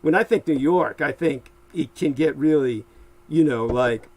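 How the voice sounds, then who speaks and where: A man co-hosting a livestream in casual chat, talking haltingly with many restarts and frequent laughs. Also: fairly high pitch, darkish tone, rough recording. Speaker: livestream co-host.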